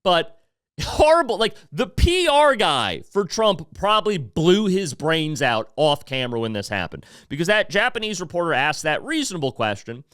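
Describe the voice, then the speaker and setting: A man's voice: a little high, sing-song, normal speed, a bit bright, clean tone, dry recording, studio quality. A man hosting a casual commentary podcast, rambling and swearing with lots of fillers. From United States. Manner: profane, rambling, with many fillers. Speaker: podcast host.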